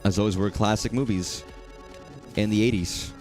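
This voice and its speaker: A man's voice: lowish voice, fairly even intonation, normal speed, darkish tone, soft background music. A man chatting casually while streaming a game, rambling and swearing at enemies. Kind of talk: casual gaming commentary.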